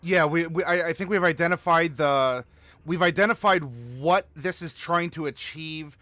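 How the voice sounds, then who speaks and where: Bright-voiced male host, thinking aloud. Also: on the high side, normal speed, no room sound. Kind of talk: casual discussion.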